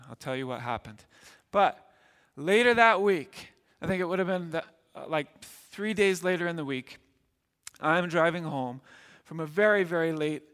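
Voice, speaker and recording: The recording carries long hall reverb as this pastor from Milwaukee, United States, preaches through stories in an earnest, conversational manner and often repeats his words. His voice is a little high, with a fairly bright tone.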